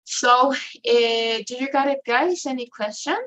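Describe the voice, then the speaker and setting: A woman's voice: a little high, a little slow, fairly bright tone, poor audio. A woman who is a native Spanish speaker teaching an English grammar lesson, explaining step by step and checking "right?" after nearly every phrase.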